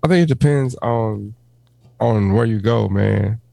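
A man's voice: on the low side, measured pace, vocal fry, mellow, dry recording, low-quality recording. A man in casual podcast chat, laid-back and rambling, with a slangy way of talking. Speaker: podcast co-host.

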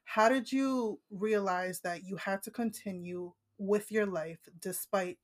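A woman hosting a casual podcast interview, affirming and encouraging her guest with relaxed slang. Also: mid-range voice, measured pace. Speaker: podcast host.

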